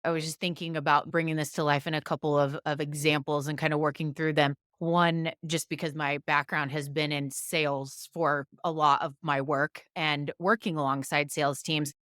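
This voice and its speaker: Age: adult. Sex: woman. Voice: low and smooth. Role: guest. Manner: thoughtful. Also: level tone, normal speed, hardly any pauses, a bit bright, no room sound, clean studio sound. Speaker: podcast guest. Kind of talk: conversational interview.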